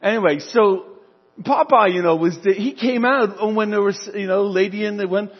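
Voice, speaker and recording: An older male pastor with a high, husky voice tells a story from the pulpit and acts out its dialogue. His voice carries a long reverb in a dull recording. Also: moderate pace. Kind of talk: sermon.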